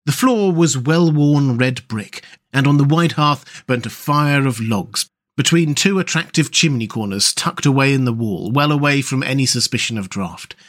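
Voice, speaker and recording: A male storyteller reading a classic tale aloud, at an average pitch for a man. His delivery is measured and gentle, settling into descriptive passages. He frames the story as the show's host. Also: expressive. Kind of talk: scripted narration of a classic story.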